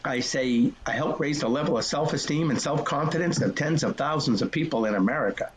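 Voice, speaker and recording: A man's voice: fairly high pitch, brisk, slight background noise. A man in his sixties, a race director, telling folksy, earnest stories and acting out old conversations. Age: 60s. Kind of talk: storytelling interview.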